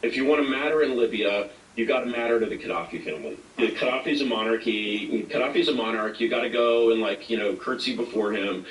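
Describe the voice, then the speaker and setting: A man's voice: mid-range voice, quick pace, few pauses, reverberant, distant mic, a little hiss or hum, rough recording. A man speaking as an interview guest, rambling with many fillers and acting out quotes. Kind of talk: casual interview talk.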